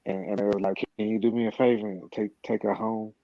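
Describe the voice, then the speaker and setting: A man's voice: fairly low pitch, flat delivery, a little fast, warm tone, no room sound. A middle-aged man telling a long story in casual, rambling talk, profane and full of repeated words and restarts. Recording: slightly dull, lo-fi sound.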